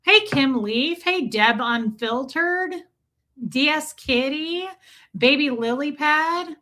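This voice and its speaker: A woman's voice: high voice, expressive, slow. A woman hosting a casual live stream, chatting and greeting viewers one by one with teasing banter. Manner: chatty, teasing, warm toward chat. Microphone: streaming mic.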